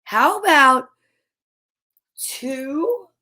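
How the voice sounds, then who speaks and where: A woman's voice: sits high, expressive, very slow, bright, forceful tone, full character voice. A woman voicing a dramatic young boy who haggles over his toys, pleading and theatrical. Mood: bargaining.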